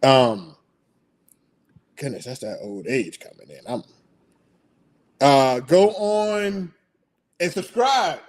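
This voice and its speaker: Speaking slowly with long pauses, a middle-aged host signs off from his own podcast in an expressive, medium-pitched, darkish voice. He rambles casually, chuckles often, and his throat is going.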